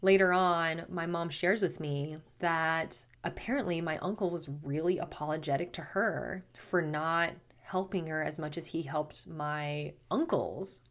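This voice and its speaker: A woman with a low-pitched voice tells a personal story straight to camera. She speaks as a spiritual teacher, casual and chatty. She leans on "like" and slips into animated quotes of herself. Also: unhurried, few pauses.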